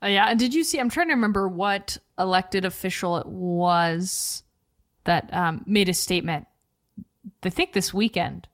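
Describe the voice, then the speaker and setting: A woman's voice: on the low side, moderate pace, dry recording, clean studio sound. A woman hosting a podcast who is playful and chatty and steers the talk with questions. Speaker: podcast host. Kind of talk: casual podcast discussion.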